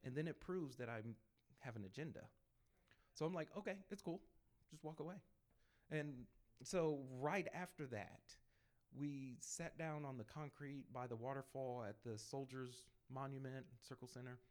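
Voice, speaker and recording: A man on a panel sharing his evangelism experiences as a lively storytelling testimony, laughing between anecdotes and acting out bits of dialogue. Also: medium pitch. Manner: acts out dialogue in quick asides.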